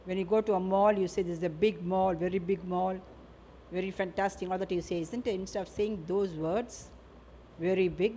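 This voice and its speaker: Woman, English vocabulary teacher, slow and repetitive, tag questions, faint background noise. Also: on the low side, darkish tone. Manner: slow, repeats each word and example; ends points with a tag question. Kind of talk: vocabulary lesson.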